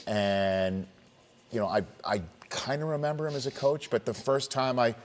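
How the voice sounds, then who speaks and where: A man's voice: medium pitch, normal speed, a little hiss or hum. A man in his fifties from New York, hosting a studio discussion and speaking in a reflective, conversational way. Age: 50s. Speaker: host.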